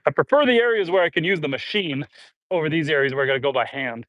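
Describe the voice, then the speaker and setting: A man from Canada livestreaming from his farm outdoors, talking casually to viewers on a phone as he works. His voice sits a little high for a man, and the sound is dry and close. He grunts and sighs between loads and runs a bit out of breath. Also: fast talker, no room sound, dull audio. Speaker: homestead livestreamer. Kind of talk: casual live chat reading comments while working.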